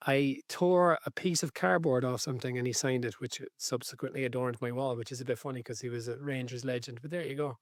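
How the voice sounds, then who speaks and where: A man's voice: mid-range voice, steady tone, brisk, few pauses, no room sound, studio quality. Male co-host from Ireland, easygoing wry storyteller, casual podcast banter. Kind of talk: casual chat.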